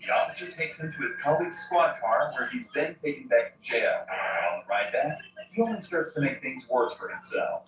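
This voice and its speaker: Male narrator, measured, echoey and distant. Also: medium pitch, animated, a bit bright, a little hiss or hum. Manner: measured storytelling delivery. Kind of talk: scripted narration.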